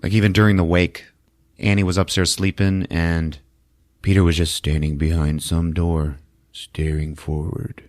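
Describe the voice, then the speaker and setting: A man's voice: low voice, level tone, unhurried, darkish tone, dry recording, studio quality. A man hosting a podcast, recapping a movie in a loose, profane, chatty way full of fillers. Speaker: podcast host.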